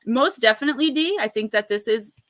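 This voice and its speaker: Bright chatty woman hosting a livestream. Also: fairly high pitch, animated, brisk. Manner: chatty, rambling, greets viewers by name, laughs often. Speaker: oracle card reader and livestream host. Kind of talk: casual livestream chat and card reading.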